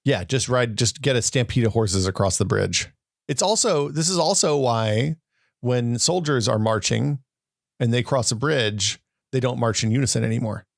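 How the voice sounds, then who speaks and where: A man's voice: mid-range voice, expressive, moderate pace, vocal fry, dry recording, studio quality. A man co-hosting a tech podcast, chatting casually and explaining things with jokes and tangents. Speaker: podcast co-host. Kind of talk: casual chat.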